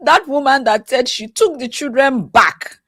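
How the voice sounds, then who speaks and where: A woman's voice: sits high, a little slow, a bit bright, dry recording, clean studio sound. A woman with a Nigerian accent, host and life coach, giving chatty reaction commentary and often laughing as she talks.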